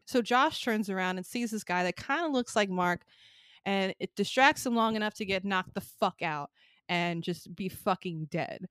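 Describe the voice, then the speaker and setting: A woman's voice: medium pitch, moderate pace, a bit bright, smooth, no room sound, clean studio sound. A woman co-hosting a casual podcast, recapping a horror movie in a loose, profane, laughing storytelling manner. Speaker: podcast co-host.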